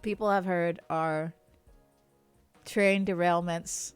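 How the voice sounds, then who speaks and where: A woman's voice: fairly low pitch, fairly even intonation, takes it slowly, smooth, dry recording, faint music behind. A woman co-hosting a livestreamed podcast, chatting casually, laughing often and swearing, with sentences that trail off. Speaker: podcast co-host. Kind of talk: casual chat. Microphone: streaming mic.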